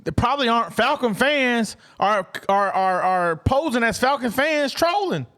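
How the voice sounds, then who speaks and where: A man from Atlanta co-hosting a casual sports podcast, talking in an animated way and stammering as he restarts. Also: extremely high pitch, moderate pace. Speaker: podcast co-host.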